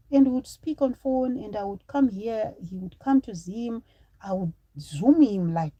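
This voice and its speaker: Woman from Zimbabwe, thirties, live stream storyteller, chatty, mellow warm voice. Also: medium pitch, dry recording, rough recording. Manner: chatty, addresses viewers as guys, thanks supporters mid-story.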